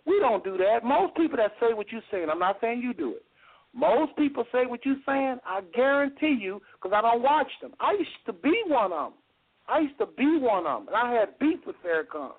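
High-voiced man hosting call-in radio. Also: sing-song, brisk. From United States. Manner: emphatic, repeats phrases, argumentative. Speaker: radio talk show host. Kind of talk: heated call-in radio talk. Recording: tinny phone-line radio audio.

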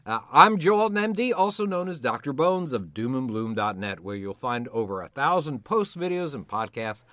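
Older male doctor-host, theatrical and jokey, animated pitch, dry booth. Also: moderate pace, dry recording. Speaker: podcast co-host, medical doctor. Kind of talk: playful podcast banter and promo pitch.

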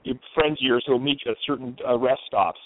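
A guest in a conversational interview speaks quickly in a medium-pitched voice, earnest and reflective, often restarting his sentences. The audio is tinny phone-line sound, dry.

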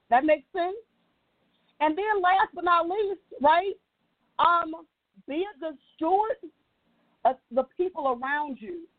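A woman guest speaker with a very high voice gives an emphatic, faith-based motivational talk, repeating key lines and checking in with "right?". The recording is dry and tinny, like a phone line.

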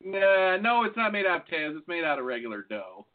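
A man's voice: high-pitched, very animated, fast talker. A man co-hosting a podcast, chatting loosely and profanely and laughing often. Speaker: podcast co-host. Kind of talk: casual profane chat. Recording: phone-like lo-fi sound.

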